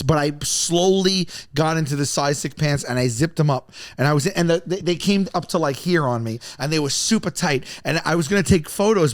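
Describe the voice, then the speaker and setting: A man's voice: a little high, dry recording. Man telling a story dryly and close. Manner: rambling, self-mocking, frequent restarts. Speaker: podcast co-host telling a story. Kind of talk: casual comedic storytelling.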